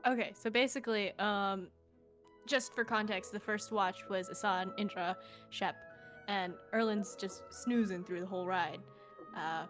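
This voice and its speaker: A woman's voice: medium pitch, fairly bright tone. Woman, tabletop player, breezy recap, laughs often. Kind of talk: casual chat.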